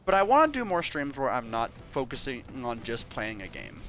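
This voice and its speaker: A man with a medium-pitched, fairly bright voice that swoops wildly streams live, chatting casually and laughing often as he plays. He reads game dialogue aloud in different voices, with a bit of hiss or hum in the audio.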